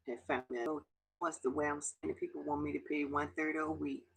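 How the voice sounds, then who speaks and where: Tearful, gravelly middle-aged woman vlogging. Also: low voice, little pitch movement, rough recording. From Baltimore, US. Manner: halting, with restarts and drops to a near whisper. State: tearful, fighting back tears. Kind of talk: emotional confessional vlog.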